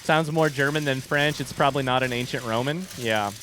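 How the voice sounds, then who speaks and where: A man's voice: mid-range voice, a little fast, a bit bright, slight background noise. A young man giving live gameplay commentary, jumpy and panicky with sudden sworn outbursts. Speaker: streamer.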